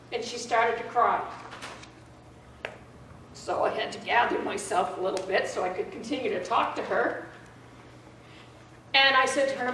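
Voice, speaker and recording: Woman commenter, higher pitch, heartfelt storytelling, faint hall noise, far from the mic. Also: moderate pace, long pauses, a bit bright. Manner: emotional, personal storytelling. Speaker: public commenter. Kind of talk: public meeting testimony. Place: public meeting room.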